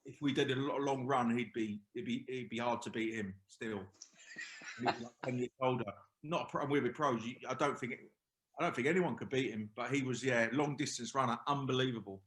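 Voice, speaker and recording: A middle-aged man, chatting as a podcast guest about his old teammates. He rambles through anecdotes, restarts his sentences and slips into quoted asides. His voice carries a roomy echo, sitting at an ordinary pitch for a man. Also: a little fast, a bit bright. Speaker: podcast guest, former professional footballer. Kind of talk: casual chat, storytelling.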